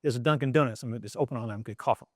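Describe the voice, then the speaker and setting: A middle-aged man from East Baltimore tells a story from his career as a journalist. He acts out the voices and often restarts his sentences. The sound is dry and close, with a mid-range pitch. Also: racing, no echo. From East Baltimore, USA. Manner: animated, acting out quotes, frequent restarts. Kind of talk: anecdotal storytelling in an interview.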